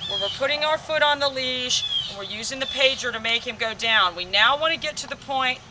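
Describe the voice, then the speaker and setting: A woman's voice: sits high, fairly quick, distant mic, noisy background. A woman dog trainer explaining steps plainly to viewers during an outdoor training demo. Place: outdoors on a rural training field.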